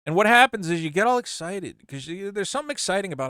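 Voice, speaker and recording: A middle-aged man hosting a channel, frankly telling a story against himself in an animated way, often restarting his sentences. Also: sits high, fast, clean tone, no echo, clean studio sound. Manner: animated, frank, self-mocking, with frequent restarts. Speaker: channel host. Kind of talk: casual storytelling monologue.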